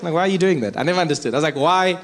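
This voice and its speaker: Expressive comedian. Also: male voice, a little high, racing, slight background noise. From South Africa. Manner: expressive, emphatic. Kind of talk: stand-up comedy.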